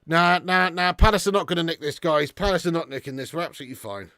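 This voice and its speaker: A man hosting a live football watch-along, commentating and reading viewer chat, excitable and swearing freely. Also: on the high side, fast, no room sound, studio quality. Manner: excitable, swears freely, swings from muttering to shouting. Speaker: fan channel host.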